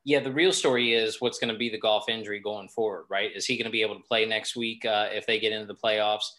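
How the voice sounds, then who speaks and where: Bright-voiced man ranting about football. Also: lowish voice, steady tone, fast. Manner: irritated, ranting, voice rising. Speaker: podcast co-host. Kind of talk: casual sports chat.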